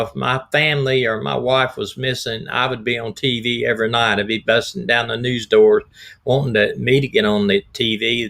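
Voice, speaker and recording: A middle-aged man, slightly hoarse, hosting a rambling, folksy live stream as a retired detective. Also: mid-range voice, sharp tone. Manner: folksy, rambling, repeats himself. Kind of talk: casual live-stream talk.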